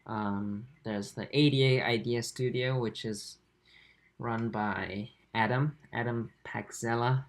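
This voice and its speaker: A man in his twenties hosting a livestream, reading viewer comments aloud in a soft, halting way with many fillers. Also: mid-range voice, steady tone. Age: 20s. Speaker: aquarium channel host.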